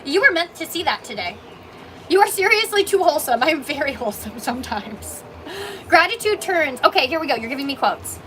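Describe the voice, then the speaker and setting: Her voice is high-pitched with big swings in pitch, fairly quick and fairly bright. She's a Canadian woman who owns a small coffee shop and is chatting indoors there on a livestream, gushing emotionally and bubbling over as she reads out viewer comments.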